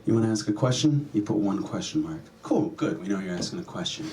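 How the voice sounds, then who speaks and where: Animated male stand-up comic, heard from a distance. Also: normal speed, background noise. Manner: animated, swings into high yelps and mock voices; profane, sardonic. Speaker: stand-up comedian. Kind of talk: stand-up comedy set. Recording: distant mic with noticeable room ambience.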